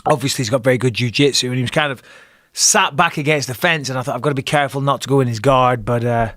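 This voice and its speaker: A middle-aged man telling a fight story in a casual podcast chat, animated and profane, with frequent restarts. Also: mid-range voice, quick pace, no echo, clean studio sound. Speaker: guest, retired fighter and commentator.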